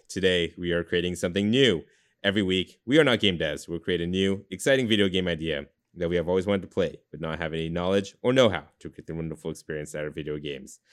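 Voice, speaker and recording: A man hosting a podcast in a rambling casual chat, full of fillers and restarts. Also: low voice. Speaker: podcast host.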